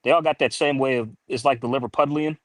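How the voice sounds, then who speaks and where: A man's voice: medium pitch, steady tone, fast, dry recording. An American man co-hosting a casual chat, easygoing, agreeing and musing aloud. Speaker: co-host.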